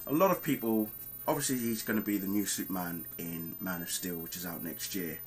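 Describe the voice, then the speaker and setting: A man giving a casual spoken film review, animated and emphatic, talking straight to his viewers with plenty of ums. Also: low voice, brisk, slight background noise, rough recording. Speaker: movie reviewer.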